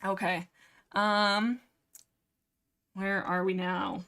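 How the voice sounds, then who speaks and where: A woman hosting a livestream in casual, rambling chat. She is excitable, laughs often and breaks off mid-sentence. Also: mid-range voice, very slow, gravelly. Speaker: livestream host. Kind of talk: casual chat about books with read-aloud passages.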